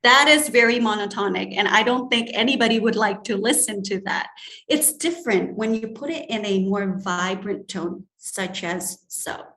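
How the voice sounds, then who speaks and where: A woman's voice: medium pitch, normal speed, fairly bright tone, reverberant. A woman from Indonesia, giving a lecture on speaking skills and shifting her tone to demonstrate examples. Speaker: etiquette trainer and guest lecturer.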